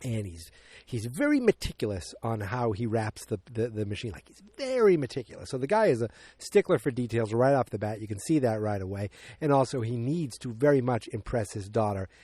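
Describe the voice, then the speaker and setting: A man's voice: mid-range voice, big pitch swings, fairly quick, mellow, breathy edge, dry recording. A man hosting a podcast, casually recapping a movie plot in a rambling way, full of fillers and acted-out quotes. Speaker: podcast host.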